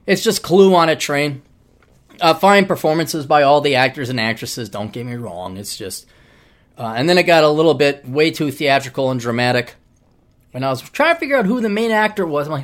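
A man hosting a podcast, talking in a sarcastic, rambling monologue with animated mock rants. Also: on the high side, fairly quick. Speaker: podcast host. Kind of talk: casual monologue.

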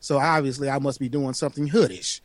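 A man telling a profane, animated story on a casual podcast chat. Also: mid-range voice, quick pace, dry recording. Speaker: podcast co-host.

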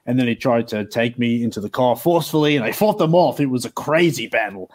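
A man playing a tabletop game who tells his story in a rambling, animated way. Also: mid-range voice, fast. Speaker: player.

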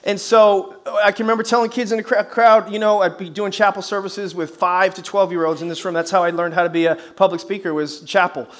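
Middle-aged man, pastor, very high voice, energetic sermon delivery with folksy humor and shouted emphasis. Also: a little fast, few pauses. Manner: energetic, emphatic, rising to shouts on key phrases; folksy humor with repeated rhetorical questions. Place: church service before a congregation.

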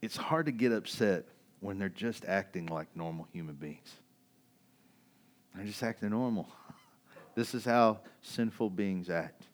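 Low-voiced pastor preaching conversationally. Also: male voice, measured pace, pauses often. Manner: conversational, laughing, swings from loud excited to low quiet. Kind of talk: sermon.

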